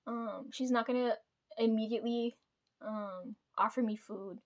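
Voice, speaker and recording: A woman's voice: a little high, fairly even intonation, a little slow, highs cut off. A woman telling a rambling family story to her camera, swearing often and laughing between thoughts. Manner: rambling, frequent swearing, chatty asides. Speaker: vlogger.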